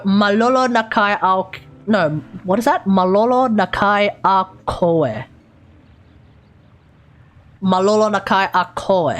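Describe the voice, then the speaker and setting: An Australian woman live streaming, thinking aloud as she sounds out and repeats unfamiliar foreign words. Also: medium pitch. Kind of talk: casual live-stream chat.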